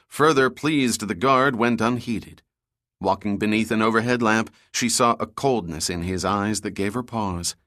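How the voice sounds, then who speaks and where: Low-voiced male audiobook narrator. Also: pushed and bright, no echo, studio quality.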